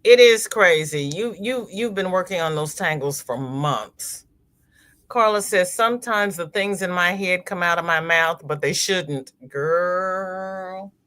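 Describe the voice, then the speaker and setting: Unhurried and lowish-voiced, this woman runs a casual crochet livestream where she reads out her viewers' comments. She's expressive and laughs a lot as she talks.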